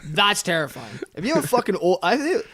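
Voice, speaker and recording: A young man co-hosting a podcast in casual chat, excitable, interrupting and swearing freely. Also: sits high, fast talker, breathy edge. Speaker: podcast co-host.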